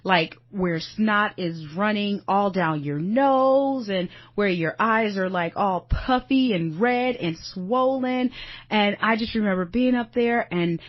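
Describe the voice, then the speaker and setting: A woman's voice: medium pitch, slow pace, no echo, muffled recording. A woman, hosting a podcast and telling a personal story in an earnest, confiding way, calling her listeners "y'all". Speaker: podcast host.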